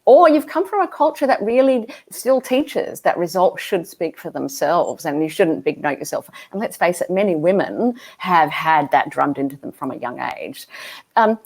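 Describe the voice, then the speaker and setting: A woman's voice: fairly low pitch, lively intonation, normal speed, a little mellow. A woman, a guest speaker and author talking frankly and emphatically in a live video call interview. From Australia. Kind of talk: conversational interview.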